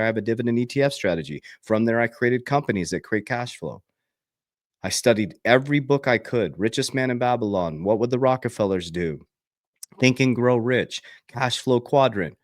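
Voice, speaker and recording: A man's voice: medium pitch, dry recording, studio quality. A man giving a motivational talk as a financial coach, emphatic and preachy, repeating his points for stress.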